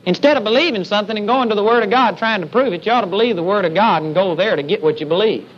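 A man's voice: high-pitched, racing. A man preaching a sermon with emphasis, often calling out "amen?" to the congregation. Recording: dull lo-fi sermon recording with faint hiss.

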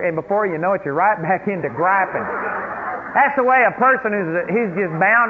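A man preaching a sermon as pastor, emphatic and quick to act out the voices of complainers. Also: high-pitched. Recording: tinny phone-like radio broadcast, faint noise.

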